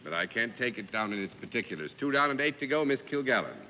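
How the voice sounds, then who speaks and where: A man with a bright, lively voice hosts a live 1950s panel game, speaking in a formal, wordy and jovial way. The sound is dull and hissy, with the hall of a television studio ringing behind him. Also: mid-range voice, quick pace. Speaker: game show host. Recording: dull 1950s TV broadcast, hall reverb, faint hiss.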